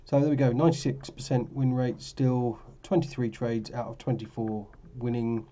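A man's voice: mid-range voice, little pitch movement, normal speed, warm tone, lo-fi sound. A tired man talking casually through his trading charts, rambling and correcting himself as he goes. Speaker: forex trading vlogger. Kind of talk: casual screen-share commentary.

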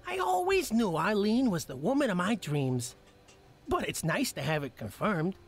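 An actor voicing a bemused young man who makes deadpan, wry quips in a video game. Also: sits high, normal speed, heavy background noise. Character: dry, bemused young male dreamer. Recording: game audio with faint music.

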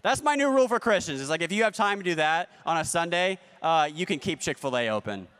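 A man doing a stand-up comedy set, with a deadpan, ironic delivery and playful asides to the crowd. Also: fairly high pitch, quick pace, smooth. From United States. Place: large convention hall stage. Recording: long hall reverb.

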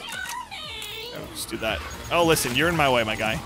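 A young man hosting a let's play, goofy and excitable, joking and yelping at the game. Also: medium pitch, quick pace. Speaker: gaming channel host. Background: game music.

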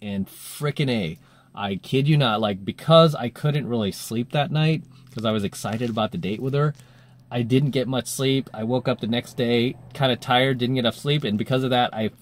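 A man's voice: medium pitch, moderate pace. A man coaching dating, telling a story in a casual monologue, full of fillers, and acting out the voices he quotes.

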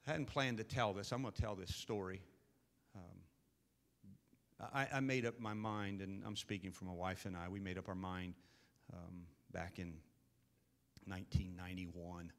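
Man pastor, fifties, deep voice, earnest sermon storytelling. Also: steady tone, moderate pace, long pauses. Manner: earnest storytelling that builds to loud preaching.

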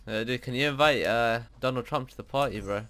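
A man's voice: mid-range voice, a little fast, fairly bright tone. A young man in casual gaming banter, teasing a hired teammate with mock-naive questions over a headset mic at home. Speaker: YouTuber trolling a hired player. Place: home bedroom.

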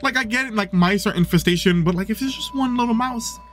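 A young man hosting a let's play, excitable and chatty, cooing and gasping at the game. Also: sits high, fast talker, faint music behind. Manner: excitable, coos and gasps, chatty asides. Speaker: gaming channel host.

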